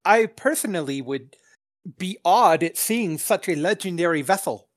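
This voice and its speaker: A woman's voice: on the low side, lively intonation, normal speed, dry recording, clean studio sound, lightly acted. A woman voicing a young, curious male dwarf who speaks formally and lisps. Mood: earnest. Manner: polite and formal, lisping "sip" for ship.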